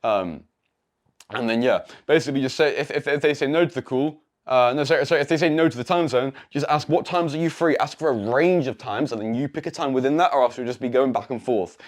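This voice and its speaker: Quick and medium-pitched, a teenage English male talks through a coaching tutorial on screen share as an online coaching creator. He rambles and speaks bluntly, full of slang and swearing, in an indoor room illuminated by a projector.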